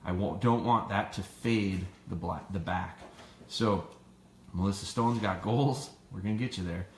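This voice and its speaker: A man's voice: low voice, a little slow, reverberant, slight background noise. Plainspoken man answering viewers live. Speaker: dog trainer hosting a live stream. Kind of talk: casual live Q&A.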